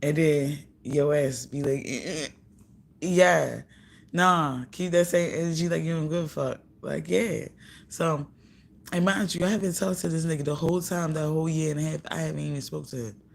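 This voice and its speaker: A woman's voice: deep voice, normal speed, gravelly. A woman telling a story in a casual, profane rant, giggling and mimicking what others said. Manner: profane, giggly, animated retelling with mimicked dialogue. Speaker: vlogger.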